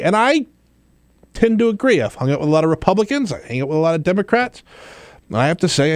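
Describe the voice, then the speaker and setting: Animated man hosting call-in radio. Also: on the high side. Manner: animated and easily amused, laughs along with callers. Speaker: radio talk show host.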